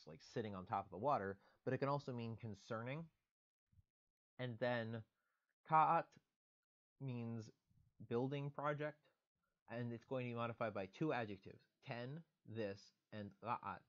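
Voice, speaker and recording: A man's voice: medium pitch, dull audio. A man giving a recorded online lecture, explaining grammar step by step in a methodical way with casual fillers.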